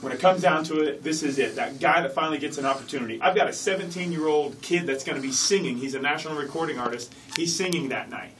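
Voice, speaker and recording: An upbeat man talks up his fight events in a radio studio, excited and jokey. His voice sits a bit high. He is slightly off the mic, with a faint hum behind him. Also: distant mic, poor audio. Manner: excited, fast-talking, jokey. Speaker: MMA fight promoter, guest. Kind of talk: casual radio interview.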